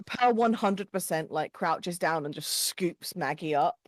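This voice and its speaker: A woman's voice: fairly low pitch, animated, measured pace, no room sound, clean studio sound. A woman playing in a tabletop game, chatting casually and playfully with frequent laughs. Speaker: player.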